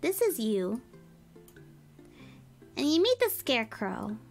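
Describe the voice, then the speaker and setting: A woman's voice: fairly high pitch, sing-song, slow pace, gravelly. A woman streamer reading a storybook aloud in ASMR style, breaking off to giggle and chat playfully with viewers over a close microphone. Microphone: close ASMR mic. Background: soft background music.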